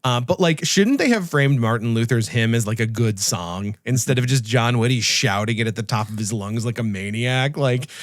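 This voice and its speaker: A man's voice: medium pitch, moderate pace, few pauses, dry recording, clean studio sound. Laughing young male podcast host. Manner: joking, hesitant, laughs often. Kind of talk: casual comedic commentary.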